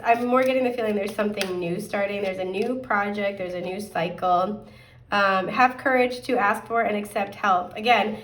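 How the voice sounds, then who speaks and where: Woman tarot reader, chatty casual delivery, hoarse with throat clearing, mid-pitched, recorded in an echoey room. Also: distant mic. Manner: chatty, upbeat, rambling with fillers. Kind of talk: casual pick-a-card tarot reading.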